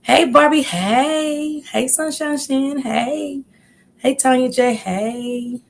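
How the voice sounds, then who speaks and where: Woman streamer kinda out of breath, gravelly voice, chatty, shouting hey to everyone in chat. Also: high voice, takes it slowly, a little hiss or hum. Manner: chatty, greets viewers one by one with upbeat calls. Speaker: livestream host. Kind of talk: casual livestream chat greeting viewers.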